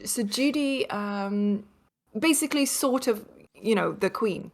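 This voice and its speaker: A young woman from northeast England with a softened British accent, telling a rambling story as a podcast guest over a video call, with lots of fillers. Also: mid-range voice, takes it slowly. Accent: softened British English. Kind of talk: casual chat.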